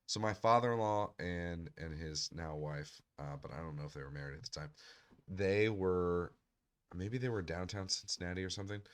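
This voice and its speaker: Lower-voiced man telling an eager story. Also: moderate pace. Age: adult. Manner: eager, speeds up through his stories. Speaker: podcast co-host. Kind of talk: casual storytelling.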